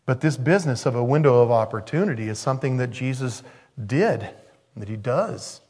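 A man preaching a sermon, telling stories in an animated way and acting out the voices in them. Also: medium pitch, moderate pace, husky. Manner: animated storytelling, acts out quoted voices.

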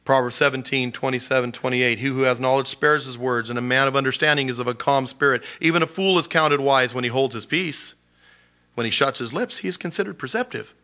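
A male pastor with a bright, forceful voice preaches a sermon. He talks in a relaxed, conversational way and laughs often. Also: mid-range voice, fairly quick. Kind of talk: sermon teaching.

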